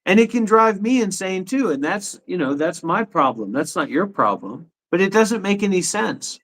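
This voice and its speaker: Stream host, man in his thirties, high and indignant, rants and swears at his co-host. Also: very animated, normal speed, a bit bright. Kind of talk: heated live stream argument. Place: his apartment.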